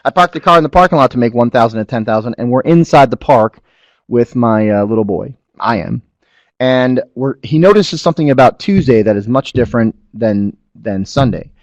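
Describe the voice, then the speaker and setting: A middle-aged man presenting a business webinar tells a family story in an animated way, often checking whether it makes sense and asking the audience to agree. His mid-range voice moves a little fast, and the recording is dry.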